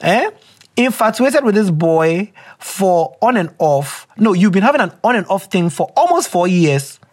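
A man's voice: sits high, big pitch swings, a little slow, darkish tone. Playful Ghanaian man giving advice. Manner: playful and teasing, with pet names. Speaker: advice show host reading letters. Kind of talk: casual advice chat.

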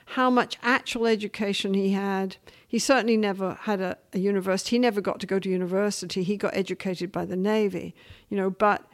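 A middle-aged English woman from England, chatting as a guest in an interview and telling stories with lively shifts of voice. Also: medium pitch, fairly quick. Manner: animated storytelling, shifting between voices. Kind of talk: casual interview chat.

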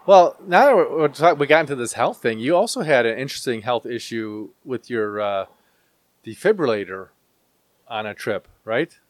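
Man, podcast host, mid-pitched voice, dry sound, casual questions. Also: expressive, normal speed, no room sound. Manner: interviewer prompting the guest. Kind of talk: casual chat.

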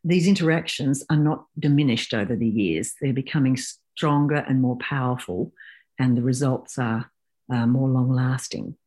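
Expressive woman in her sixties. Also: a bass voice, moderate pace. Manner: expressive, acts out quotes with lively shifts of voice. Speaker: professional speaker and guest. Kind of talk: storytelling in a podcast interview.

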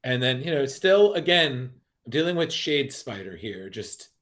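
A man's voice: mid-range voice, sing-song, unhurried, fairly bright tone. Rambling man reviewing a horror comic. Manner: rambling, many restarts and fillers, acts out quotes. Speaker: podcast co-host. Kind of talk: casual comic book review chat.

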